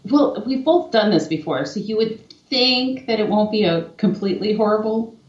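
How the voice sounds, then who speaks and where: A woman co-hosts a podcast with a medium-pitched voice and a teasing, upbeat manner, quick to throw in a joke. Her voice rings in a reverberant room. The recording sounds dull and muffled. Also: animated. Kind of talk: casual podcast chat. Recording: echoey room, muffled mic.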